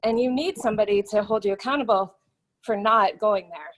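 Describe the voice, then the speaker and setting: A woman's voice: medium pitch, fairly quick, rough recording. A woman in a study group speaking earnestly over a call, out of breath from riding an exercise bike.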